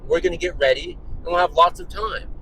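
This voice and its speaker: A man's voice: high-pitched, fairly quick, vocal fry, bright, forceful tone, a little hiss or hum, poor audio. A man telling an exasperated, profane story about his morning, ranting in his car. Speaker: vlogger and dad.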